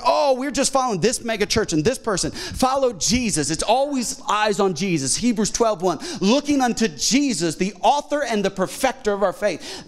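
Male pastor in church, sermon, high voice that jumps around a lot, jokey. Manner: animated, acts out quotes, jokes with congregation. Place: church sanctuary.

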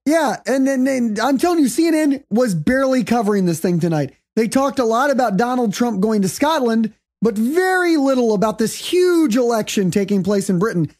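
Woman podcast host, casual comedy chat, rambling and profane, slightly high voice. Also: lively intonation, brisk, hardly any pauses. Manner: loud, profane, rambling storytelling.

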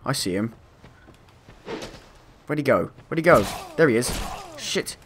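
Guy, gameplay commentary, mid pitch, jumpy and sweary. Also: normal speed, noisy background. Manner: excitable, swears, panics and laughs at himself. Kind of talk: let's play commentary.

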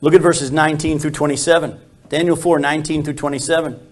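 A man with a notably high voice leads a Bible study. He tells the stories in an animated way and drops his voice to act out quoted lines. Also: fast talker. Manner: animated storytelling, acts out quotes with dropped voice.

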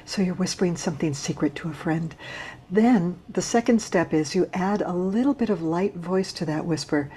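A woman with a notably low speaking voice teaches singing technique to camera. She explains patiently and in a measured way, restarting phrases now and then as she works through each step. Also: warm tone, slight background noise. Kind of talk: instructional talk to camera.

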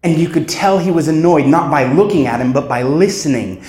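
A man tells a story from a conference stage, slowing down for emphasis and acting out sounds. His voice sits a touch high. The hall adds a roomy echo. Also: animated, a little mellow. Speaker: keynote speaker. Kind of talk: storytelling keynote speech.

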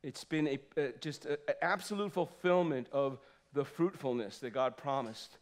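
A man in his fifties preaching a sermon in a church, swinging from loud exclamations to soft asides. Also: a little high, moderate pace. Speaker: pastor. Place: church sanctuary.

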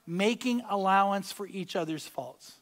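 A man preaching a sermon as pastor, speaking conversationally, repeating key phrases and swelling louder on his points. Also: high voice, measured pace, big-room sound. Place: church sanctuary.

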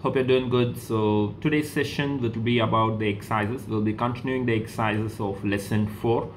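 A man's voice: lowish voice, steady tone, normal speed, slight background noise. A man teaching a French lesson to a school class, patient and repetitive, saying okay between steps. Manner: patient, repeats each example, says okay often.

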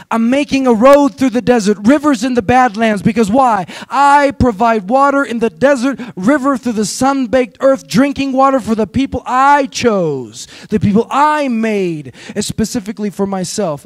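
A male pastor preaching a sermon, exhorting the congregation in call-and-response and building to shouted peaks. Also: high voice, no room sound. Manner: storytelling with rising, shouted peaks.

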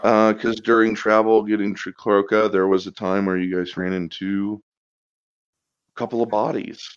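A man's voice: on the low side, level tone, normal speed, clear, resonant tone, no echo. A man, the game master, casually recapping a tabletop game and checking details with his players. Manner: easygoing, laughs and checks facts with the players. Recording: slightly muffled dry recording.

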